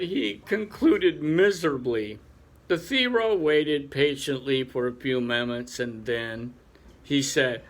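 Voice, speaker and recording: A man reading a classic animal story aloud in an unhurried, lively way. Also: fairly high pitch. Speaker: reader.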